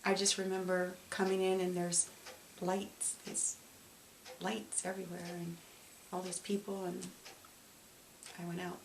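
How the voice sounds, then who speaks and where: A woman telling her own story in an interview, halting and emotional, with frequent restarts. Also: lowish voice, little pitch movement, gravelly. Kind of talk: personal testimony. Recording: roomy, distant mic, faint noise.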